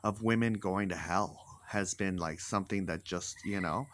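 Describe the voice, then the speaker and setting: In a deep voice at a moderate pace, a man delivers blunt opinions in a casual monologue. He's animated, swears freely, and repeats his points for emphasis.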